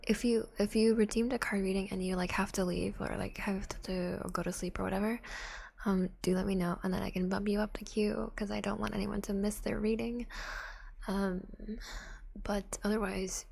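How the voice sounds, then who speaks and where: A woman streamer in a whispered role-play, talking softly and chattily into a close mic with a foam cover. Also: mid-range voice, vocal fry, slightly rough. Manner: soft whispering, chatty and giggly. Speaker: ASMR streamer. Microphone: close studio mic with foam cover.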